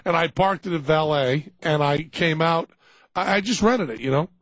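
A man's voice: a little high, moderate pace, a bit bright, no room sound, muffled recording. A man hosting a radio show, telling rambling stories and laughing a lot in casual chat.

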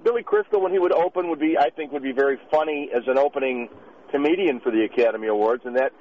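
A man's voice: mid-range voice, quick pace. A man calling in to a radio show, chatty and giggly, rambling through his story. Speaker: caller. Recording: dull lo-fi radio broadcast.

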